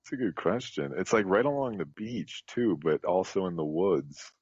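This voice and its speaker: A man with a very deep voice co-hosts a casual podcast chat. He tells stories animatedly and laughs often. The mic sounds dry and slightly muffled, with no room sound. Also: animated, moderate pace, darkish tone, breathy edge, no room sound. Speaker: podcast co-host.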